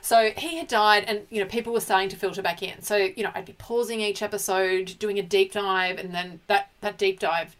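Woman, casual podcast chat, emotional, mid pitch. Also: steady tone, brisk, hardly any pauses. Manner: chatty, emotional, restarts often. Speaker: podcast co-host. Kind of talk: casual pop culture chat.

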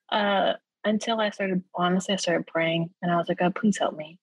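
A woman with a fairly low voice tells her story as an interview guest, candid and earnest. She keeps checking in with the listener and laughs softly between thoughts. The sound is close and dry, with no room around it. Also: fairly even intonation, normal speed, hardly any pauses, no echo, rough recording. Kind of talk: candid personal testimony in conversation.

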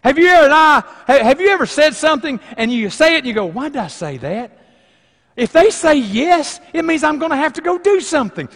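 Male pastor, high-pitched, dynamic pulpit delivery in a reverberant church hall. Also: expressive, fast, creaky, hardly any pauses. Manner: dynamic preaching, swinging between loud emphasis and hushed lines. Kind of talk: sermon. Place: church sanctuary.

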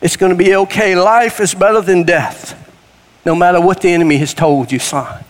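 A man's voice: sits high, steady tone, moderate pace. A middle-aged man preaching a sermon in a church, folksy and conversational, with sudden rises in force. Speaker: guest preacher. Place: church sanctuary. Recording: long hall reverb.

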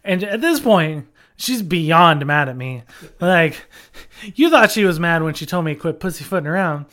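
Young man, podcast host, casual storytelling, smooth clear voice, rambling and animated. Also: a little high, normal speed. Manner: rambling, animated, full of fillers.

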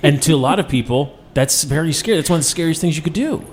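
A man's voice: a little high, expressive, fast talker, a little hiss or hum. A man hosting a radio show, interviewing a guest in a teasing, playful way. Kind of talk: casual interview.

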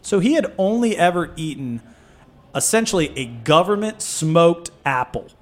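Man, higher register, animated and profane, casual interview storyteller. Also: normal speed. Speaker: food nonprofit co-founder.

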